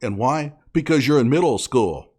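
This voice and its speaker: A man's voice: medium pitch, animated, normal speed, darkish tone, husky. A man delivering an indignant, sarcastic commentary rant, scolding as he talks. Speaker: online commentator.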